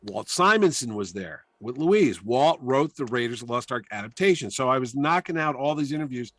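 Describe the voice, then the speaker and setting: A man telling anecdotes as a guest in a casual interview, talking through long stories with animated energy. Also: mid-range voice, fairly quick, no room sound. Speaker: comic convention organizer, podcast guest; weekly radio show host.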